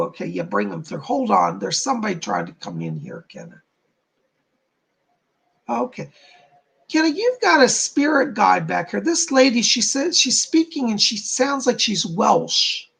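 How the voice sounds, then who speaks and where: A man gives live-stream psychic readings in a very gravelly, husky voice. His pitch rises and falls a lot as he chats to viewers and relays what the spirits tell him. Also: fairly bright tone. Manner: chatty, relays spirit messages and reads viewer comments aloud. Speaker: psychic medium, stream host.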